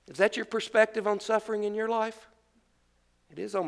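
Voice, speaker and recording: A man preaching a sermon as pastor, swinging between loud emphasis and hushed, quiet lines. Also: high-pitched, steady tone, a little fast, creaky, pauses often, smooth.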